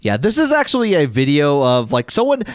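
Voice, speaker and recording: A man's voice: a little high, huge pitch swings, a little fast, no room sound, clean studio sound. A man hosting a casual podcast, rambling and stumbling over words. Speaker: podcast host.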